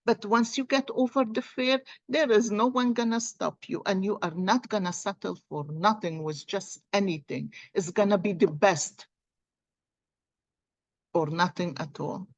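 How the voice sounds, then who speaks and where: A woman speaking as a gives a heartfelt motivational talk, repeating her words for emphasis. Her delivery is slow and unhurried. The recording is dry, with no room sound. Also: mid-range voice, no echo. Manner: earnest, encouraging, repeats phrases for emphasis. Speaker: tarot and coffee cup reader. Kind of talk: motivational casual talk to viewers.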